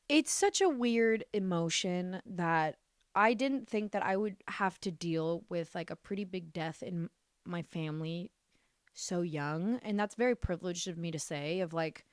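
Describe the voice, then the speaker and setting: A woman's voice: on the low side, measured pace, no room sound, clean studio sound. A woman in her twenties hosting her own podcast, rambling through a casual solo monologue, blunt and swearing freely, with many restarts. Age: 20s. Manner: blunt, swears freely, swings between deadpan and exasperated. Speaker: podcast host.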